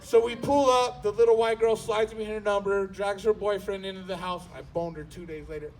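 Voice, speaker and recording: A man's voice: high-pitched, fairly even intonation, fairly quick, low-quality recording. A man doing stand-up on a comedy club stage, telling a profane story and talking straight to the crowd. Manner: profane, punchy, talks to the crowd.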